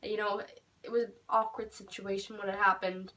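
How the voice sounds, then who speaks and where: A young woman rambling through a storytime vlog at home, swearing freely and getting animated. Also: mid-range voice, moderate pace. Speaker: vlogger. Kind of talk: storytime vlog, casual chat. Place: home room. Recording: voice a bit far from the mic.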